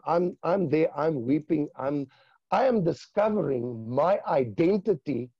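Fervent gravelly man, halting testimony. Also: on the high side, mellow, dry recording, highs cut off. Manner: fervent, halting with repeated restarts. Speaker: guest sharing a testimony. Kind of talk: emotional testimony in conversation.

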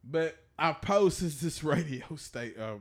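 Slow-paced and expressive, this man's slightly high voice carries his stories on a podcast he co-hosts. His telling is loose and full of swearing, and he keeps laughing as he goes.

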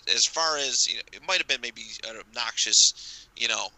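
Podcast guest guy, super bright sharp voice, rambles a lot. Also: medium pitch, animated, normal speed, poor audio. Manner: rambling, many fillers and restarts. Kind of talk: casual chat.

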